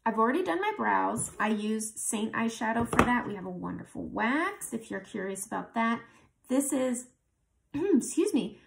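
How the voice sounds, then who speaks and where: In this makeup tutorial, a woman chats relaxedly close to the mic, explaining every step while applying makeup. Her voice is medium in pitch with a gravelly, creaky texture, and there's a little hiss or hum in the audio.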